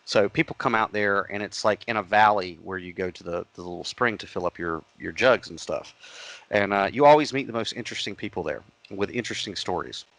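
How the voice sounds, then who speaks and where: A lower-pitched man co-hosts a casual podcast and rambles through a story with many restarts. His voice sits in a dry, close recording with no room sound. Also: brisk, fairly bright tone, no echo, poor audio. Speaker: podcast co-host.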